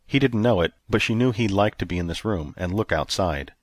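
A man narrating an audiobook in a steady, even storytelling manner. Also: low voice, fairly quick, dry recording. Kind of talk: scripted narration.

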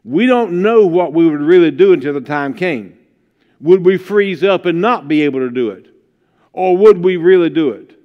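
A male pastor preaching a sermon, stacking up repeated rhetorical questions in a steady preaching cadence. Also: a little high, normal speed. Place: church. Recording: dull lo-fi livestream sound.

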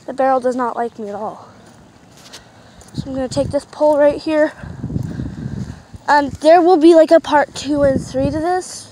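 A woman's voice: high voice, moderate pace, long pauses. A young woman vlogging casually outdoors at a horse pasture, chatty and rambling, talking sweetly to her horses on a handheld camera. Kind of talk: casual vlog while doing chores. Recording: noisy outdoor recording.

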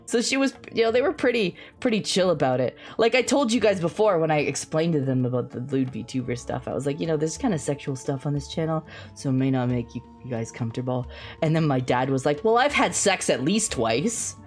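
Young woman streamer chatting, low voice, giggly and animated, faint music behind. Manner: laughs often, animated and bubbly, restarts. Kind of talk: casual storytelling chat.

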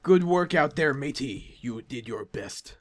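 A man voicing a gruff male pirate ship captain in a low, growly pirate drawl. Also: lively intonation, a little slow, a bit bright, exaggerated voice.

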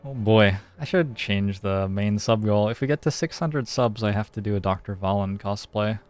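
Male streamer, deeper register, unhurried over-explainer of every move, soft game music under him. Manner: relaxed, thinks aloud, explains at length with frequent "like". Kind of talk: casual live-stream gameplay commentary.

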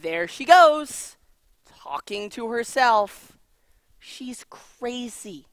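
A woman's voice: fairly high pitch, big pitch swings, drawn-out words, no room sound, full character voice. A woman voicing a sulky boy who stammers when frightened. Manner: stammering, whiny. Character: sulky boy, nervous before the queen. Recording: music bed behind.

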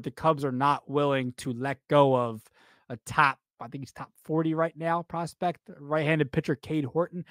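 Animated, rambling male sports podcaster. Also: on the high side, dry recording, studio quality. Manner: animated, rambling, repeats himself. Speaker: podcast co-host. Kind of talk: casual sports chat.

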